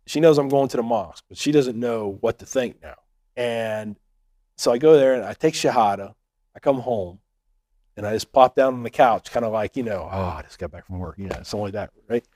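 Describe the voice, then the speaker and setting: Man, storyteller, joking, chatty, mid-pitched. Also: a little fast, a little mellow. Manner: joking, chatty, keeps saying right. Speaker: convert telling his story. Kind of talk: storytelling talk.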